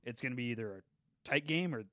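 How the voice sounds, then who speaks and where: Mid-pitched male podcast co-host, dry. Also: expressive, fairly bright tone, dry recording. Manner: earnest, talks in quick bursts with fillers. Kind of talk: casual chat.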